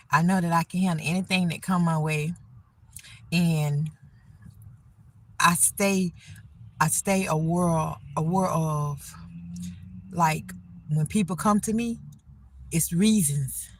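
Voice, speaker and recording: This middle-aged woman's voice sits low as she rambles on a phone livestream about faith and making it through, casual and earnest. Her encouragement is plain-spoken and full of faith, with slight background noise behind her.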